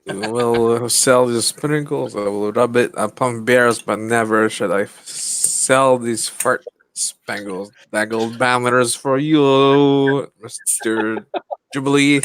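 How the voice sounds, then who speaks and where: A man putting on a gruff, taunting Eastern European man with a thick accent and broken English. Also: mid-range voice, animated, unhurried, hardly any pauses, dry recording, natural voice. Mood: mocking.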